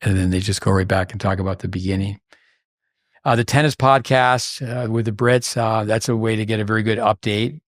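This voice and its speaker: A man's voice: lowish voice, fairly even intonation, a little fast, no echo, studio quality. A man hosting a tennis podcast in casual chat, rambling along with frequent restarts. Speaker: podcast host.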